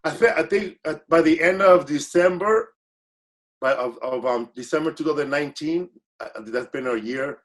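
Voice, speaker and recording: A man in casual podcast chat, telling long stories with a relaxed, meandering flow. His voice sits slightly high, and he keeps restarting his sentences and dropping in bits of Spanish. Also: moderate pace. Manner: laid-back, rambling, self-correcting, slips into Spanish phrases. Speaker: guest comedian. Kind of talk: casual storytelling.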